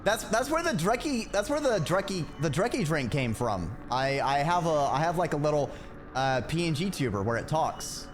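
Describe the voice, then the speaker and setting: A man's voice: a little high, lively intonation, normal speed, music in the background. A man streaming a video game, chatting casually and playfully, muttering to himself as he plays. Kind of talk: casual gameplay chat.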